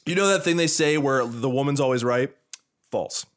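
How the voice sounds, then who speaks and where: A man's voice: medium pitch, moderate pace. A man co-hosting a podcast, telling stories in a rambling, casual way and swearing freely. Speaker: podcast co-host.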